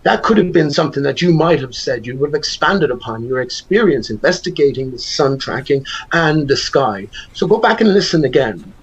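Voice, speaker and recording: A man's voice: fairly high pitch, lively intonation, a little fast, hardly any pauses, husky. An older man with an Irish accent arguing on a call, combative and hectoring, repeating his points. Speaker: call-in guest. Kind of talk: heated argument on a call. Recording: dull lo-fi call audio.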